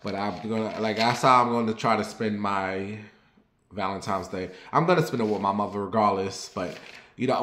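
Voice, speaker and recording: A man's voice: lowish voice, normal speed, slight background noise. Candid chatty man in an echoey room. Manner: candid and confiding, rambling with restarts; turns lively and sassy when telling stories. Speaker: vlogger. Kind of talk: casual personal chat to camera. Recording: roomy echo.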